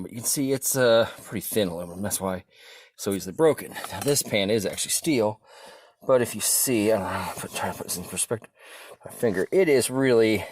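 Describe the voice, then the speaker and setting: A man with a lowish voice talks casually as he demonstrates, relaxed and thinking aloud, with an easy chuckle now and then. His voice comes through a camera mic that drifts nearer and farther, over a faint hiss of background noise. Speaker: video host demonstrating weapons. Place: outdoors or in a workshop during a test-cutting session.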